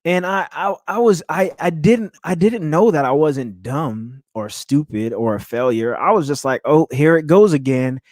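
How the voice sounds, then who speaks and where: A young man hosts his own motivational podcast in a fairly high voice. He talks earnestly and animatedly, laughs often and restarts his words. The recording is dry and close, with no room sound. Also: unhurried, hardly any pauses, no echo. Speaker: podcast host. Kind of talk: motivational solo podcast talk.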